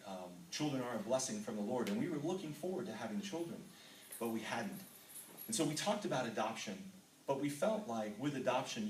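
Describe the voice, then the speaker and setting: A man's voice: mid-range voice, a little hiss or hum. Earnest man speaking in a roomy hall. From Texas. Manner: earnest, reads scripture then tells personal story with filler ums. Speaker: men's ministry speaker. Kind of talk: testimony talk to a men's group. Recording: roomy hall, voice from far off mic.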